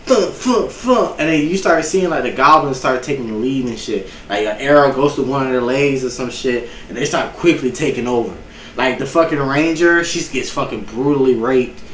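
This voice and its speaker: A young man co-hosting a casual chat, telling stories with animated reenactments and heavy profanity. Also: medium pitch, a little fast. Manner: animated storyteller, acts out scenes with lots of profanity. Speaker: co-host. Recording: roomy echo with faint hiss.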